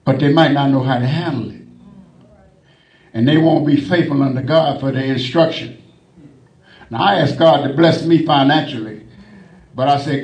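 A man preaching a sermon, working in a refrain of "glory to God" between phrases and rising to shouts. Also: medium pitch, normal speed, pauses often. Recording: echoey room, mic at a distance.

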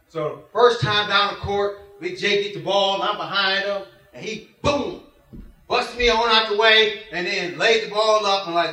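High, bright preacher telling a story. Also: male voice, normal speed, recorded from a distance. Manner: animated storytelling, acts out voices, laughs often. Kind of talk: sermon with a personal story. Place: church. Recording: roomy hall heard from afar.

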